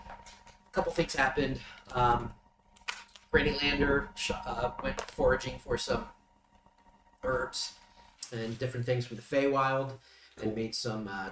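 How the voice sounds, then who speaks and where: A man running a tabletop game as game master, giving a loose, halting recap of the last session to his players. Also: medium pitch. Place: room shared with players at the table. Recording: roomy, distant mic, background noise.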